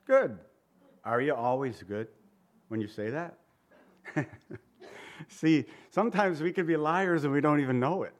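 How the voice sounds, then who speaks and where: Man, pastor, sermon, slightly high voice, rhetorical questions, reads old scripture. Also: normal speed, long pauses. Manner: conversational preaching with rhetorical questions.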